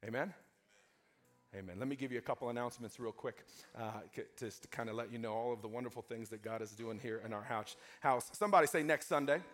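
A man's voice: mid-range voice, fast talker, fairly bright tone, faint music behind. A pastor preaching to his congregation during a church service, emphatic and calling out for amens between points. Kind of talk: live sermon with announcements.

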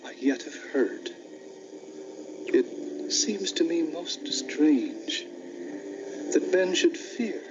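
An actor playing a solemn, gentle man in an old television drama, speaking in a measured way and softly quoting verse. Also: fairly high pitch, sing-song, noisy background, exaggerated voice. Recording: dull old TV soundtrack with loud music.

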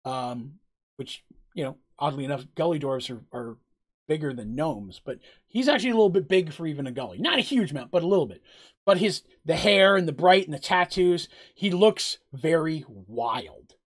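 Game master guy rambling thru his world lore, lots of ums, laughs a lot, kinda high voice. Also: expressive, moderate pace. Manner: rambling, heavy on fillers, laughs often. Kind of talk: casual tabletop storytelling and Q&A.

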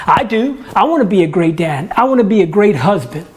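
Lively intonation and a slightly fast pace mark this man's high, darkish voice. A church ministry leader preaching casually from his home, he talks conversationally, keeps restarting words and uses self-deprecating humor.

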